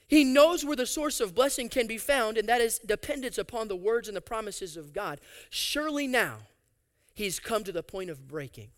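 A man preaching a sermon, reading scripture aloud and adding animated, sarcastic asides. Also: high-pitched, moderate pace. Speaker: pastor.

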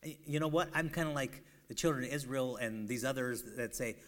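A man preaching a sermon, reading scripture aloud and acting out the doubting cries of biblical figures with animated, pleading bursts. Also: mid-range voice, brisk.

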